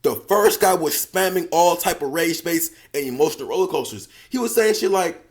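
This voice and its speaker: Pitched on the high side and speaking animatedly at normal speed, a man coaches on dating in a casual monologue. He uses slangy, profane, emphatic street talk, repeats phrases often and keeps calling the listener bro.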